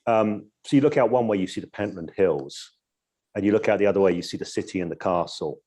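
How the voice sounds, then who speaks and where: A man with a low, husky voice talks through his coaching in a thoughtful podcast chat. He explains with examples and now and then slows into a soothing, hypnotic tone. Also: warm tone. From Edinburgh, Scotland. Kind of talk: casual interview conversation.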